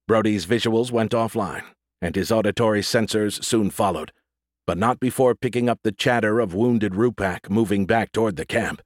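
A man narrating an audiobook in a steady, even storytelling manner, close to a studio mic. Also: lowish voice, normal speed, no echo.

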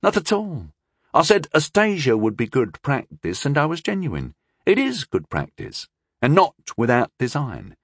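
A man's voice: a little high, huge pitch swings, a little slow, no room sound, clean studio sound, voice pushed up, full character voice. A man voicing a confident young scholar who lectures his friend in a knowing, wry way. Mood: earnest.

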